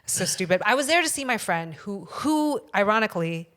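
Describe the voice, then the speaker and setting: A woman's voice: mid-range voice, expressive, fairly quick, a bit bright. A woman guest on a podcast, telling a story in a casual way, rambling and swearing for emphasis.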